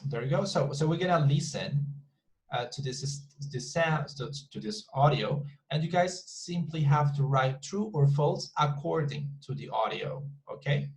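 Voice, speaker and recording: Chatty, higher-voiced male English teacher. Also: animated, unhurried, poor audio. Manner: chatty, repetitive, asks the class frequent questions. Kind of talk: online class teaching.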